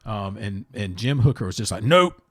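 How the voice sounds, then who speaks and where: A man's voice: on the low side, brisk, husky. A man hosting a casual podcast, rambling from topic to topic, often restarting and repeating words, blunt in his opinions. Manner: blunt and animated. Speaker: podcast host.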